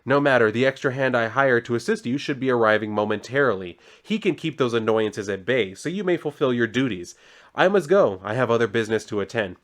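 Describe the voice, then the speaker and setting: A man's voice: mid-range voice, lively intonation, brisk, lightly acted. A man reading as a cold, formal crime boss.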